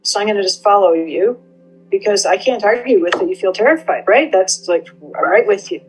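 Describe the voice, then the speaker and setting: A woman therapist guiding a session in a gentle, measured, coaxing way. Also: mid-range voice, animated, husky, faint music behind, low-quality recording.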